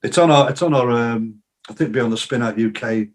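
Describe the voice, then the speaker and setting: An older male musician and songwriter, appearing as a podcast guest, speaks quickly in a mid-range voice. He rambles through lively anecdotes in casual interview storytelling, acting out what people told him, with plenty of fillers and restarts.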